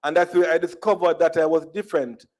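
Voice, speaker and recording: A man's voice: on the high side, fairly even intonation, quick pace, darkish tone. A man from Jamaica with a Jamaican accent, giving a humorous storytelling speech at a conference and slipping between standard English and Jamaican Creole phrasing. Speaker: conference speaker. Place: conference hall.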